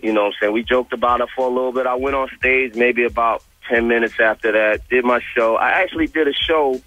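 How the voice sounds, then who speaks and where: A man in his thirties with a New York accent tells a story over a muffled radio broadcast line. His voice sits at a middle pitch, and he talks in an animated, slangy, street-casual way, acting out what others said. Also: quick pace, no echo. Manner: animated, retells quotes in a slangy street style. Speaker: radio show guest. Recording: muffled radio phone-in audio.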